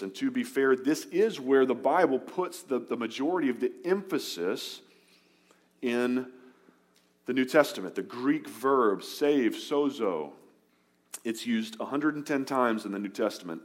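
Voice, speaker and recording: A man preaching a sermon to his congregation, earnest, rising for emphasis and dropping soft and low on key words. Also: lively intonation, unhurried. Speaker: pastor.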